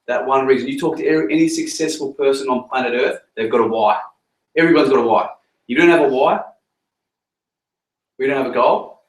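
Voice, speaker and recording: A man giving a rousing motivational talk to a group and asking the room questions. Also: mid-range voice. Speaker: team leader at a training. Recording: echoey room, recorded from afar.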